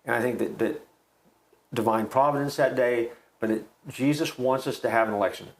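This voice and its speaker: A man co-hosting a faith talk show, speaking reflectively and haltingly, often restarting. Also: medium pitch, low-quality recording. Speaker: co-host. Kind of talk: casual chat.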